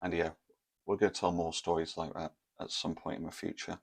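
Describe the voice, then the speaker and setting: A man in his thirties with a low, gravelly voice chats to camera. He rambles, mocks himself and wanders off into asides as he tells the story. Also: little pitch movement, a little fast. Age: 30s. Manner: rambling, self-mocking, full of fillers and asides. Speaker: vlogger.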